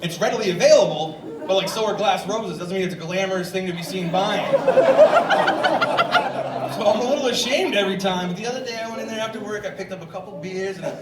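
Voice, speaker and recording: A man performing a stand-up comedy set, telling rambling stories in a deadpan way with sudden loud outbursts. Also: high-pitched, quick pace, recorded from a distance. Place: comedy club stage. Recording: echoey club from afar, loud crowd laughter and noise.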